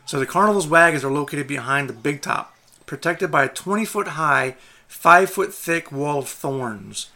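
A man narrating a tabletop game as game master, describing the scene in a relaxed way. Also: on the high side, moderate pace.

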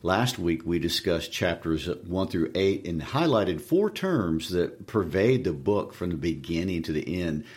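Very deep-voiced male podcast co-host. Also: animated, unhurried, few pauses. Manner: thoughtful, hesitant, frequent "uh" fillers. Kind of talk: conversational literary discussion.

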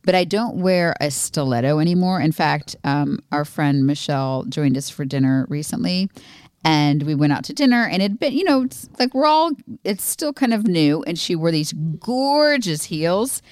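Middle-aged woman, podcast co-host, low voice, teasing and easygoing. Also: lively intonation, moderate pace, darkish tone, dry recording, studio quality. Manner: easygoing, teasing, reads listener questions aloud. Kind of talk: casual chat.

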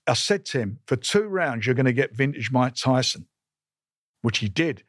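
A man's voice: mid-range voice, expressive, normal speed, no room sound, clean studio sound. An older man, a boxing promoter, telling blunt stories in an interview with emphatic repeats and restarts. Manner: emphatic, repetitive, combative, stumbles and restarts.

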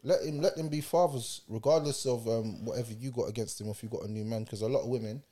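Animated man telling stories. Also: medium pitch, fast. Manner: animated street slang, acts out scenes. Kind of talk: casual chat, storytelling.

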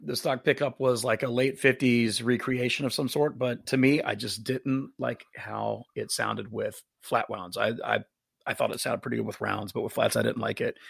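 A man's voice: medium pitch, steady tone, normal speed, creaky, husky, dry recording, clean studio sound. A man who is a guest musician on a podcast, chatting casually in an enthusiastic, easygoing way.

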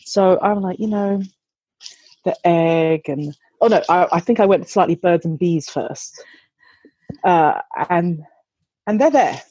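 Mum chatting away candidly, husky and mellow, dry dull-sounding recording. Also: female voice, lowish voice, slow pace, pauses often, dry recording. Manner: candid, chatty storytelling with swearing and restarts. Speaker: mother telling a story. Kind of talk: casual anecdote.

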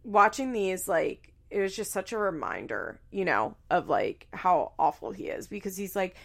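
A woman's voice: medium pitch, big pitch swings, moderate pace, creaky, hardly any pauses. A woman hosting a casual recap, speaking bluntly, swearing freely and acting out quoted lines. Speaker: podcast host recapping a reality show. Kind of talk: casual commentary.

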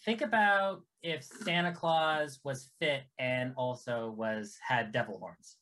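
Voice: medium pitch, slow pace, fairly bright tone. A tabletop game player describing a character, hesitant and full of joking asides.

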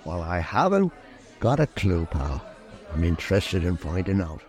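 A man's voice: low-pitched, sing-song, measured pace, a faint crowd. A man co-hosting a podcast, dropping dry quips in casual chat. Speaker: podcast co-host.

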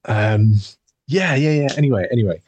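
A man's voice: medium pitch, animated, moderate pace, darkish tone. A young man, hosting a podcast and telling a rambling, sweary story with laughs. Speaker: podcast host. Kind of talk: casual storytelling chat.

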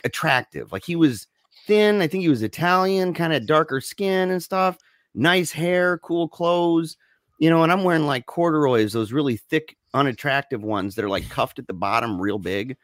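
A man's voice: fairly high pitch, no room sound, clean studio sound. A man telling a long childhood story in casual chat, rambling and self-mocking with lots of fillers. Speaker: guest storyteller.

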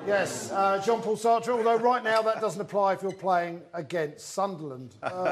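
A man's voice: high-pitched, takes it slowly, heavy background noise. A man hosting a comedy panel show, joking and laughing often. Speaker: host. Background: audience laughter.

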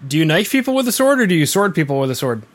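A man from Canada hosting a podcast interview, playful and a bit halting. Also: on the high side, big pitch swings. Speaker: podcast host. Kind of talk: casual interview chat.

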